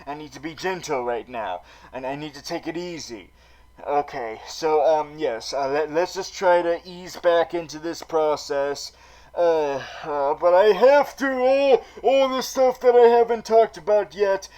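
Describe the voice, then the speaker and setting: A melodramatic super villain vlogger, played by a man, hosting a comedic recap show. He stammers and repeats words in a high voice, swinging between gushing and grumbling. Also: a little slow, a little mellow, lightly acted, poor audio. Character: theatrical male super villain vlogger, dramatic. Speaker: vlog host. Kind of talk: comedic in-character recap vlog.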